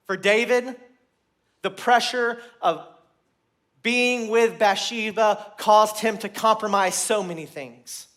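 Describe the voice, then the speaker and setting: A man preaching a sermon to a room, earnest and repeating his points, growing loud and emphatic at key moments. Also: high-pitched, steady tone, slow pace. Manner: earnest, repeats phrases, restarts words.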